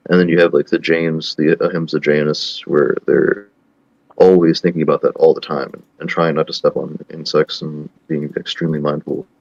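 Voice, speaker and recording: A man's voice: rumbling low, flat delivery, moderate pace, a little mellow, dry recording, highs cut off. A man in his thirties hosting a casual online chat, thinking aloud in a rambling, thoughtful way. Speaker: host.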